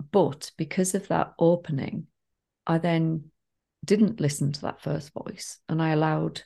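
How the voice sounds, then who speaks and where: A woman co-hosting a podcast, telling personal stories in an earnest, measured way. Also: sits low, vocal fry, dark tone. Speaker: podcast co-host. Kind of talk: casual reflective chat.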